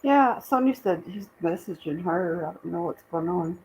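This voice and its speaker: Gravelly low woman giving offhand replies. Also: expressive, moderate pace, a little mellow, a little hiss or hum, rough recording. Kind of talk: casual banter.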